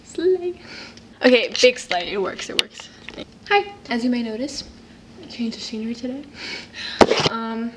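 A woman's voice: fairly high pitch, moderate pace, pauses often, very noisy. Giggly, chatty young woman vlogging. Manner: giggly and chatty, self-mocking asides; drops to a hushed whisper at times. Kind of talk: casual vlog chat while playing a story game.

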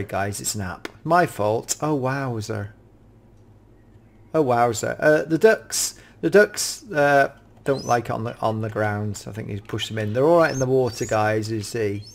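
A British man giving casual, excitable gameplay commentary as a YouTube reviewer, often gasping and exclaiming in wonder. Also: mid-range voice, vocal fry. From United Kingdom.

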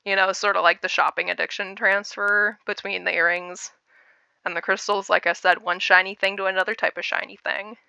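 A woman's voice: medium pitch, little pitch movement, brisk, gravelly, pushed and bright, clear, resonant tone, dry recording. A woman giving casual, wry and blunt reaction commentary in a chatty way.

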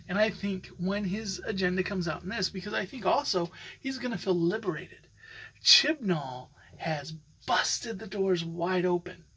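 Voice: medium pitch, pushed and bright, slight background noise, poor audio. A podcast host talking in a casual, opinionated way, rambling with many fillers and restarts. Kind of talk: casual solo podcast commentary.

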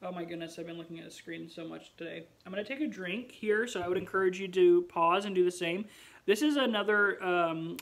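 A tired young man vlogging from home late at night, chatting expressively and sighing often. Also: high-pitched. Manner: chatty and expressive, with frequent sighs. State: tired, yawning. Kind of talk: casual late-night vlog chat.

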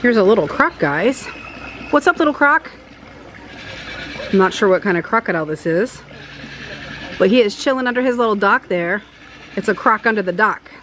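A woman's voice: mid-range voice, animated, moderate pace, long pauses, a bit bright, a little hiss or hum, poor audio. A woman hosting a vlog outdoors at an animal ranch, talking sweetly to the animals and narrating for viewers. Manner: coos and baby-talks to animals. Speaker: vlogger host.

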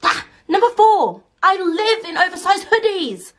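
A woman's voice: very high-pitched, lively intonation, a little slow, a bit bright, slight background noise. A young woman joking to the camera, giggling between her lines. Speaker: short-video creator.

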